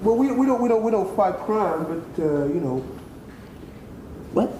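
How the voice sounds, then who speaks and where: A man's voice: sits high, animated, echoey room, noisy background, voice pushed up. A man voicing a dim, touchy young male cartoon singer on a phone interview, brash and swearing. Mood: indignant. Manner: brash, swearing, quick to take offence.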